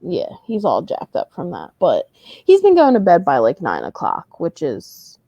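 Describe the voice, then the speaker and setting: A young woman co-hosting a podcast, chatting casually and acting out her kids in animated stories. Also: on the low side, a little slow, vocal fry, no echo, dull audio. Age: young adult. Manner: animated storytelling, acts out kids' voices. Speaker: podcast co-host. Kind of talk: casual chat.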